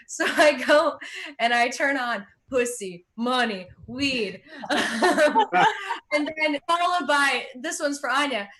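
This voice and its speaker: A woman's voice: high-pitched, animated, unhurried, bright, forceful tone. A young woman from Russia with no Russian accent, doing chatty, self-mocking stand-up as host and laughing at her own jokes. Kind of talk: stand-up comedy.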